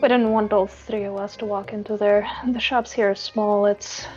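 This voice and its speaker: A woman's voice: medium pitch, flat delivery, moderate pace, a little mellow, highs cut off, faint music behind. A woman player in a tabletop role-playing game, hesitantly describing what her detective does. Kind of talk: in-character tabletop play.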